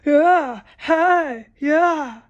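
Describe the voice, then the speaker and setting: A woman imitating loud, careless men calling out to each other in a backyard, brash and shouting. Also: sits high, very slow, muffled recording, voice pushed up.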